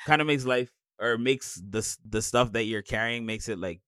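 A man's voice: medium pitch, moderate pace, a bit bright, no echo, studio quality. A young man co-hosting a podcast in casual chat, tired, rambling with many restarts. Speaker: podcast co-host.

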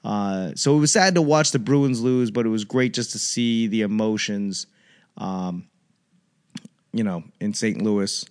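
A man hosting a casual solo chat, rambling and animated, with lots of fillers and restarts. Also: fairly low pitch, measured pace.

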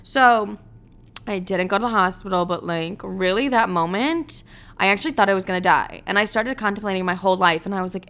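A young woman tells comedic personal stories with dramatic flair, swearing freely and filling her sentences with "like." Her voice is smooth and clear, sitting at a middle pitch. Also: a little fast, fairly bright tone. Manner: dramatic, swears often, heavy use of "like". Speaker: storyteller. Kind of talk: comedic storytime monologue.

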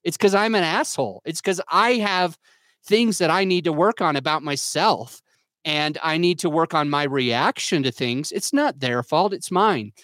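A young man with a voice pitched a little high speaks earnestly and openly, often starting over as he searches for the right words. The sound is dry and close, with no room around it. He comes across as reflective and hard on himself. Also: normal speed, a bit bright, dry recording. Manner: earnest, searching, self-critical, restarts often. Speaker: podcast guest, entrepreneur and father. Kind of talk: candid reflective podcast talk.

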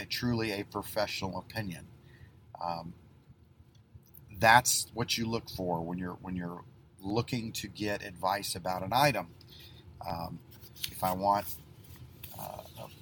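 Folksy man with a low voice. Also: a bit bright, slight background noise. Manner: folksy, rambling with many fillers and restarts. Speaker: plumbing business owner. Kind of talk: casual advice talk.

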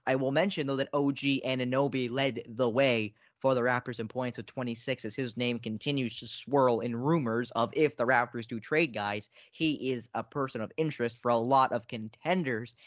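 A man co-hosting a casual sports podcast. He is excitable and repeats himself, and his pitch jumps a lot. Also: normal speed, few pauses, no room sound. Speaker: podcast co-host. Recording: dry, dull lo-fi sound.

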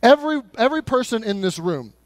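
A male pastor preaching a sermon in a church in a conversational, animated way, often repeating words as he goes. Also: extremely high pitch, quick pace, dry recording. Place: church sanctuary.

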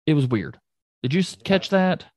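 A man chatting on a podcast, his pitch leaping up and down as he gets worked up. The sound is dry and close, with no room around it. He is excitable and jokey, breaking off mid-sentence and starting over. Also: normal speed, no echo. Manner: excitable, jokey, trails off and restarts. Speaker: podcast co-host recapping wrestling. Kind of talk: casual chat.

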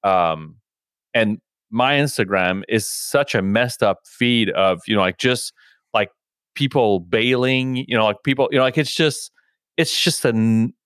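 A man's voice: fairly low pitch, a little slow, a bit bright, no room sound. A man hosting a podcast in casual conversation, rambling with constant filler words and swearing freely. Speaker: podcast host.

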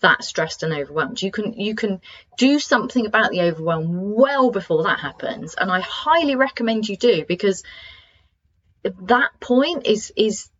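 Female coach, gentle and candid, self-deprecating laughter, slightly muffled recording. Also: mid-range voice, expressive, normal speed, breathy edge. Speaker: coach for professional women. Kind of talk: casual talk to an audience.

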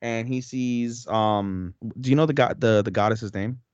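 A young man co-hosting a podcast rambles through an anime plot recap in a casual review chat, swearing a lot and using many fillers. His mid-range voice is unhurried, and the recording is muffled with no echo.

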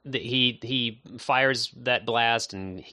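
Bright-voiced man casually recapping a film. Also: mid-range voice, takes it slowly, no echo, studio quality. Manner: rambling, many fillers and restarts, laid-back. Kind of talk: casual movie recap chat.

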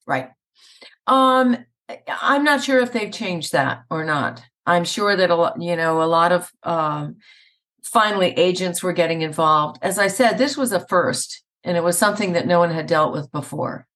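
A woman's voice: fairly low pitch, normal speed, fairly bright tone. A middle-aged woman voice actor chatting in an interview, telling stories and laughing often. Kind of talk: casual interview conversation. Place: Atlanta area.

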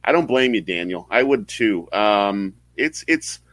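A man with a lowish voice hosts a relaxed live podcast chat. He talks haltingly, full of fillers and restarts, into a close, dry mic. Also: no echo, rough recording. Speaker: podcast host. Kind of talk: casual live-stream chat.

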